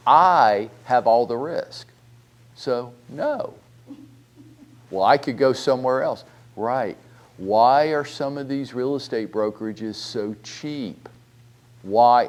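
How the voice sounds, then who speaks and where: At a slow pace and medium pitch, a middle-aged broker in real estate coaches his audience. The talk is frank and energetic, full of questions he doesn't expect answered, with some mild profanity mixed in.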